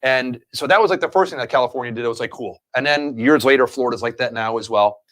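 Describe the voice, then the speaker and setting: A man's voice: medium pitch, fast, a bit bright. A man hosting a casual live stream, telling long rambling anecdotes between chat with his co-host. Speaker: livestream show host.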